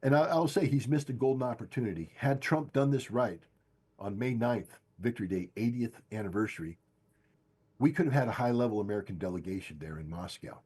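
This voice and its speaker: An older man giving forceful, insistent political commentary as a guest, hammering home his points by repeating them. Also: mid-range voice, lively intonation, a little fast, breathy edge. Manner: emphatic, insistent, repeats key phrases. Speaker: guest analyst. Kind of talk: political commentary on a podcast stream.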